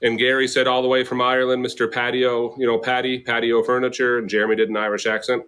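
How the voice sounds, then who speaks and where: A man hosting a casual comedy podcast with friends, animated and laughing as he talks. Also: medium pitch, fast talker, clean tone. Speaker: podcast host.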